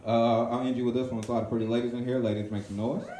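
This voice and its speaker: A man doing a stand-up set in a comedy club, swaggering and crude, with sudden high-pitched character voices. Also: little pitch movement, very fast, very noisy. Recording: echoey club room.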